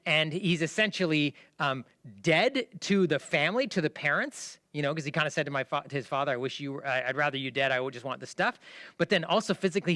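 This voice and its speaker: A man preaching a livestreamed sermon in a conversational storytelling way, acting out the people in the story and sometimes bursting into shouts. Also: fairly high pitch, no echo, clean studio sound. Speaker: pastor.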